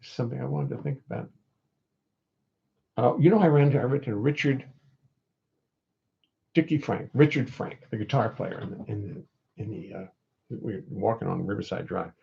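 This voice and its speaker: A dark-toned, creaky, medium-pitched voice moves at a moderate pace with long pauses as an older man hosts a home livestream. Rambling and wry, he chats casually and reads out viewer comments, captured via computer audio input in dull, lo-fi quality.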